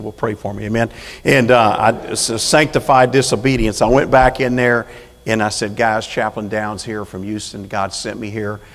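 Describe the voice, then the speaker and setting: A man's voice: on the low side, gravelly, in a large hall. A man preaching as a prison chaplain in a church, folksy and plain-spoken, building to fervent calls for an amen. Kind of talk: sermon. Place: church sanctuary.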